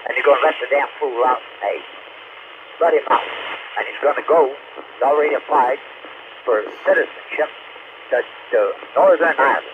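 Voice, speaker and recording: A man's voice: mid-range voice, moderate pace, pauses often. A man chatting on an amateur radio channel, ranting bluntly and repeating himself. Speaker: ham radio operator. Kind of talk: on-air radio chat. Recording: noisy tinny radio receiver audio.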